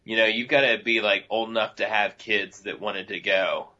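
Brief: man, podcast co-host, relaxed halting chat, lowish bright voice, lo-fi sound. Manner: hesitant, lots of uh and restarts, easygoing. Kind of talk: casual chat.

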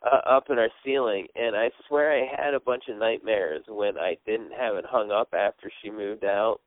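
A man's voice: lowish voice, moderate pace, dry recording. A man hosts a laid-back podcast chat, leaning on filler words as he gathers his thoughts. His voice comes through narrow and tinny, like a phone line. The sound is dry, with no room around it. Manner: relaxed, hesitant with many fillers. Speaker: podcast host.

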